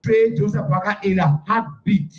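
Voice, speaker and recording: A man's voice: high-pitched, moderate pace. A man, giving an impassioned public address full of repetition and rhetorical questions. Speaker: political figure. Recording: echoey, dull lo-fi clip.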